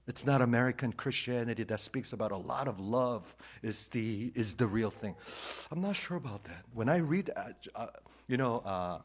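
A male pastor preaching a sermon, swinging between loud emphatic lines and hushed whispers, repeating key phrases for emphasis. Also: medium pitch, breathy edge.

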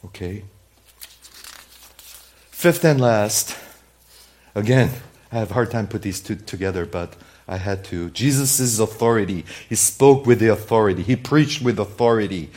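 A man preaching a sermon in a church, talking straight to the congregation and swinging from loud emphasis to hushed, near-whispered asides. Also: on the low side, measured pace. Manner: conversational, speaks straight to the congregation with questions. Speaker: pastor.

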